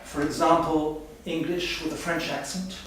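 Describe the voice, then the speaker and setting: A man's voice: fairly high pitch, flat delivery, unhurried, a bit bright, slight background noise. A man playing a pompous, boastful male language professor in a stage comedy sketch, heard from far off in an echoey hall. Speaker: comic stage performer.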